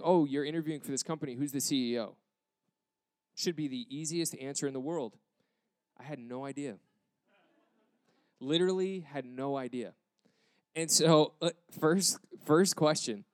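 A man in a casual storytelling style, retelling an embarrassing moment with self-deprecating, animated quoted dialogue. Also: fairly high pitch, moderate pace, pauses often, no room sound.

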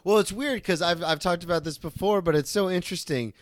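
A man's voice: high voice, a little fast, no room sound, studio quality. A man hosting a podcast in casual chat, laid-back and wry. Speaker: podcast host.

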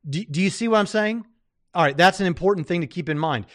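A man hosts a live stream, talking through a debate in loose, rambling commentary full of fillers and restarts. His voice sits a little high, and the sound is dry and close with no room echo. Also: quick pace, a bit bright. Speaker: livestream host reviewing a debate.

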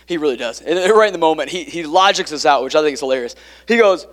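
High-voiced man preaching in a reverberant hall. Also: lively intonation, quick pace. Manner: dynamic preaching, swinging from quiet to emphatic; joking asides to the congregation. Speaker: pastor. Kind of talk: sermon.

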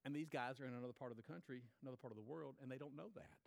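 A man's voice: mid-range voice, very fast, gravelly. A man preaching a sermon, retelling a story with repeated phrases and acted-out quotes. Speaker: pastor.

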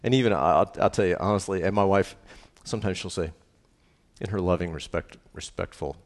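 A man, a pastor, preaching a sermon in a lively, conversational way, often checking in with the congregation. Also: deep voice, fairly quick, long reverb tail. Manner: lively, conversational preaching with frequent "right?" asides.

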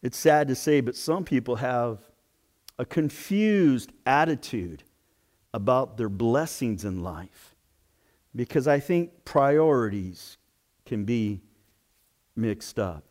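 Slow, expressive male pastor preaching. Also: mid-range voice. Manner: slow, dramatic storytelling. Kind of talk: sermon.

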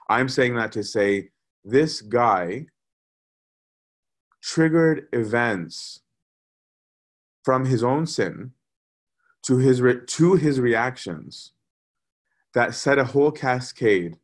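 A man's voice: medium pitch, a little slow. A man giving a sermon, talking conversationally and asking his listeners "right?" again and again. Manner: conversational, animated, often asks "right?". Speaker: preacher.

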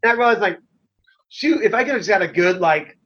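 Middle-aged ex-wrestler guest, high-pitched man, rambling and filler-heavy, dull lo-fi sound. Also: expressive, fast talker, fairly bright tone. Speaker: former pro wrestler, guest. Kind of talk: casual storytelling.

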